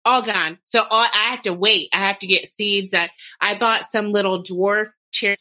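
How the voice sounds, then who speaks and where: Bright-voiced woman giving practical tips. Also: medium pitch, steady tone, moderate pace. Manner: chatty, practical, advising. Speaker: podcast co-host giving nutrition tips. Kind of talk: casual advice chat.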